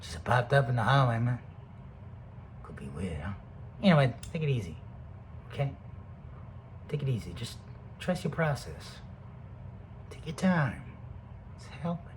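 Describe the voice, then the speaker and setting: Animated rambling profane man. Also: medium pitch, normal speed, long pauses, a little hiss or hum. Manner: profane and rambling, swinging between loud outbursts and soft mutters. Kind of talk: rambling casual monologue.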